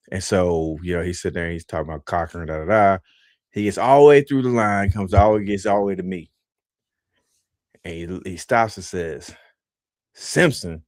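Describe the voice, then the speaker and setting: On his podcast, a man tells a story in a loose, casual way, frequently restarting and repeating himself. He's animated, acting out quoted lines with big pitch jumps, and the recording is clean studio sound with no echo.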